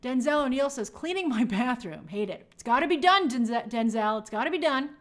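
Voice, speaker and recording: A woman's voice: high-pitched, animated, fairly quick. A woman hosting a livestream, chatting casually and reading viewer comments aloud in an upbeat way. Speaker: livestream host reading chat. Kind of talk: casual live chat.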